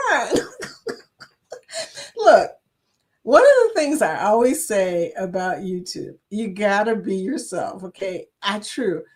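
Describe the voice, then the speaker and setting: A woman's voice: mid-range voice, darkish tone. A middle-aged woman hosting a casual live chat, reading viewer comments aloud, chatty and silly and laughing often. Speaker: livestream host.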